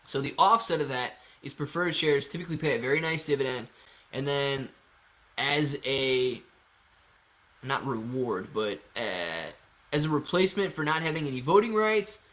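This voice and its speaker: This livestream host, a man whose mid-range voice is a bit bright, runs a casual stocks broadcast from home. Going through the viewer chat, he replies to messages in a friendly, upbeat tone.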